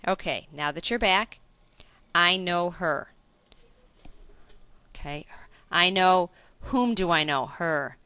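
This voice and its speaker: A woman's voice: on the low side, sharp tone, clear, resonant tone, no room sound. A woman teaching a recorded Spanish grammar lesson in English, explaining step by step, checking in with questions and correcting her own slips.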